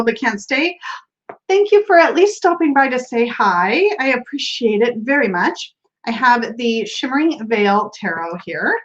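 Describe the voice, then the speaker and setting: Giggly american lady on a tarot stream, kinda high voice, muffled lo-fi sound. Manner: bubbly, giggly, reads viewer comments aloud. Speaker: tarot livestream host. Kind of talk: casual live-stream chat.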